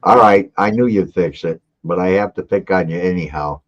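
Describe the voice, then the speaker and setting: An older man hosting a casual livestream, teasing and reading out viewer comments with lively energy. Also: sits low, normal speed. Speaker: livestream host. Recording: dull lo-fi audio.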